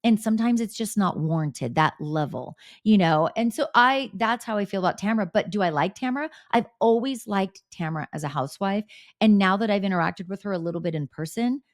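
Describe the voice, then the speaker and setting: A woman's voice: medium pitch, brisk, dry recording, studio quality. A woman hosting a podcast, telling candid gossip stories in casual chat with blunt swearing. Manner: animated, candid storytelling with swearing. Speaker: podcast host.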